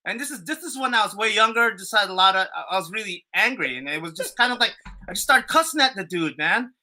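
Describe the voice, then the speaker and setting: A man chatting on a podcast, spinning a story in loose, rambling fashion. His voice is very bright, and he swears freely and leans on fillers and restarts. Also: sits high, expressive, quick pace. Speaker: podcast co-host. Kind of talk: casual storytelling chat.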